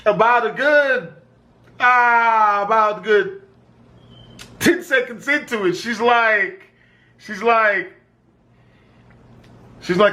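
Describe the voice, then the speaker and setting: A young man with a very high speaking voice tells a story from his own life in a loose, rambling way. He swears constantly and gets animated, sometimes jumping into excited shouts. His tone stays bright and forceful. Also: unhurried, long pauses. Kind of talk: casual storytime monologue.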